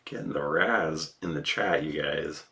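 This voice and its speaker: Rambling through a casual livestream chat, this Northeastern craft streamer swears freely and makes jokes at his own expense. His voice is a rumbling low with a bright, forceful tone, a little slow, over a slight hiss or hum.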